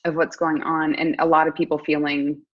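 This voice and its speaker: A woman's voice: deep voice, little pitch movement, brisk, lo-fi sound. A woman hosting a conversational interview, reflective and thinking aloud as she talks. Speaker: host.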